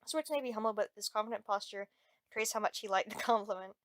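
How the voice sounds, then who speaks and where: A woman gaming streamer reading a dating-sim game aloud, playful and excitable, giggling often, on a close microphone. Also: mid-range voice, fast talker, no room sound.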